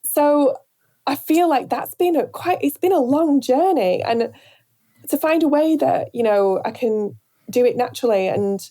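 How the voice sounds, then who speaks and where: This radio presenter, appearing as a guest, has a high-pitched, expressive voice and a softened accent from Northern England. Talking reflectively in the interview, she gropes for words, pausing, using fillers and restarting often.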